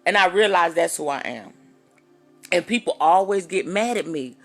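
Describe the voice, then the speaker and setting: A woman minister talking straight to her viewers in a casual, animated, preachy vlog monologue. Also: lowish voice, moderate pace, faint music behind.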